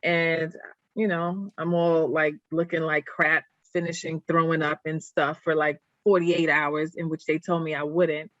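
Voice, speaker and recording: A woman guest on a podcast, telling a personal story in an earnest, halting way that turns emotional. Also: deep voice, flat delivery, no echo, muffled recording. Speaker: guest, nonprofit founder.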